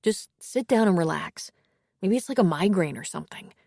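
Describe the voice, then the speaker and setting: A woman's voice: medium pitch, lively intonation, moderate pace, vocal fry, darkish tone, dry recording, clean studio sound. A woman voicing a seventeen-year-old boy who stammers and speaks frantically. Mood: tender.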